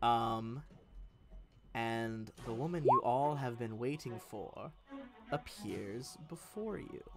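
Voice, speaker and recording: A man's voice: medium pitch, lively intonation, slow pace, music in the background. A man narrating a tabletop game on a live stream as game master, in a casual, rambling way with many fillers.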